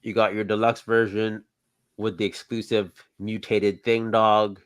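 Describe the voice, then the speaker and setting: A male podcast host with a fairly low voice. He chats in a relaxed, rambling way, thinking aloud as he goes. His delivery stays casual and unhurried. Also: smooth. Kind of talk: casual chat about toys and films.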